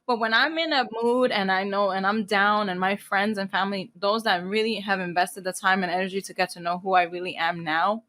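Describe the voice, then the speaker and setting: A woman's voice: mid-range voice, a little fast, few pauses. A woman in her thirties from New Jersey, a guest on a podcast, talking candidly and bluntly with plenty of swearing and a few Spanish phrases. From New Jersey, USA. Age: 30s. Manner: blunt, profane and animated. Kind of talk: casual candid interview talk.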